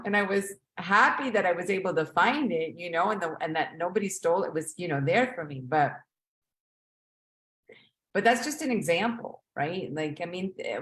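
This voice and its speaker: A woman hosting a live question and answer stream, giving reflective advice in a measured way, often pausing with "um" and asking "right?". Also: deep voice.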